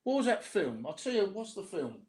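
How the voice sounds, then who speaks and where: Cockney man in casual chat; halting, repetitive delivery, blunt and sweary, slightly raised pitch. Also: very animated, darkish tone. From South London.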